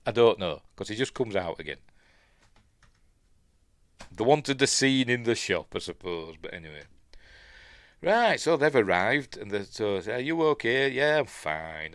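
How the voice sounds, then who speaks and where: A man's voice: medium pitch, a bit bright, no echo. A middle-aged man with a Yorkshire accent, casually talking through a film scene by scene, rambling with chuckles and lots of ums. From Yorkshire, England. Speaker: film reviewer.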